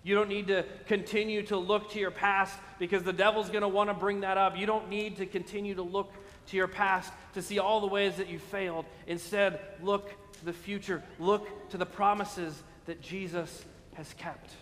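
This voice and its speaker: High-voiced preaching man in a reverberant hall. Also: level tone, fairly bright tone. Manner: emphatic preaching with slow stressed phrases and frequent "right?". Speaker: pastor. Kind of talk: sermon.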